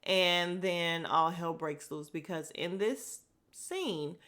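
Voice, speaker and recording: A woman hosting a podcast, giving a sassy, blunt recap of reality show drama with mild profanity and quick mimicry of what people said. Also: fairly low pitch, fairly bright tone. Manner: acts out quoted lines in bursts of mimicry. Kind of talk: casual recap commentary.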